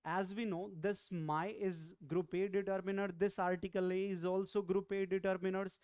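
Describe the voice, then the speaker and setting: A man's voice: sits high, little pitch movement, moderate pace, a little mellow, smooth, dry recording. A man with an Indian English accent teaching an exam-prep grammar lesson, repeating example sentences and checking in with questions.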